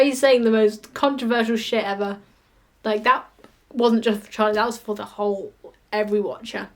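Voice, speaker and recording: Animated sweary woman ranting. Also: on the high side. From United Kingdom. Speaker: vlogger. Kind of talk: casual ranting monologue to camera.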